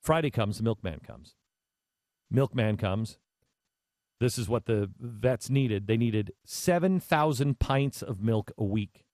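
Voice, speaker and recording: A man hosting a talk radio show, telling a story in a conversational, animated way with many restarts. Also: fairly low pitch, takes it slowly, dry recording, studio quality.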